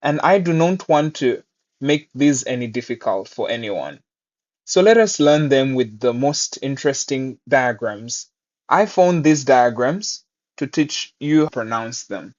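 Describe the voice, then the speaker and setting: A man's voice: mid-range voice, expressive. Guy teaching mandarin, patient and encouraging, kinda muffled lo-fi audio. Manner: patient, encouraging, slow deliberate phrasing. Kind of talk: online language lesson.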